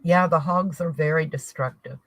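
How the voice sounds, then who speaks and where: A woman's voice: deep voice, moderate pace, fairly bright tone, no echo, rough recording. A woman with a Southern US accent chatting casually to viewers, rambling and thinking aloud as she works on a craft project. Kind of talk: casual crafting chat to camera.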